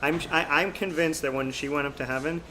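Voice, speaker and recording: A man's voice: a little high, steady tone, a little fast, sharp tone, a little hiss or hum. A man hosting a live radio show, chatting casually and teasing in a playful way. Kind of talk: casual chat. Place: outdoors at a cafe drive-thru.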